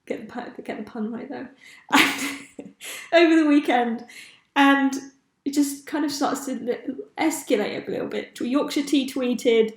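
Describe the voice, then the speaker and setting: Young woman, podcast host, high-pitched and chatty, recorded in an echoey room. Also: measured pace. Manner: chatty, laughs often, loses track of names. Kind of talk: casual chat.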